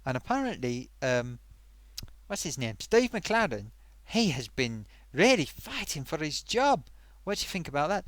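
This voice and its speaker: A man's voice: a little high, sing-song, measured pace, no echo. Chatty man, livestream host. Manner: chatty, reads out viewer comments. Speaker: host of a live stream. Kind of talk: casual live-stream chat.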